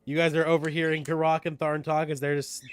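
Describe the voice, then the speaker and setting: A man acting as game master, narrating a tabletop game in an animated way, often repeating words. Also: on the high side, brisk, soft background music.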